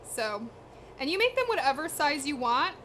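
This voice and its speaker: In a high-pitched, sing-song voice with a fairly bright tone, a young woman speaks at a normal speed over slight background noise. She streams live from her home kitchen while cooking, chatty and slangy, talking directly to her chat and a little out of breath.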